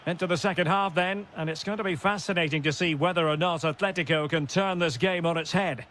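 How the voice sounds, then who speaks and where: High, bright-voiced male football commentator. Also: fairly quick, slight background noise. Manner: terse calls that swell into excited shouts on goals. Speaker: play-by-play commentator. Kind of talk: football video game commentary.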